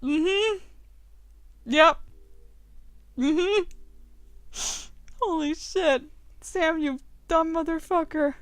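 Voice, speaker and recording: A young woman commenting on a dating game with loud, swearing, laughing outbursts. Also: extremely high pitch, very slow, long pauses, dry recording. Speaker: game streamer. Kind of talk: let's play commentary.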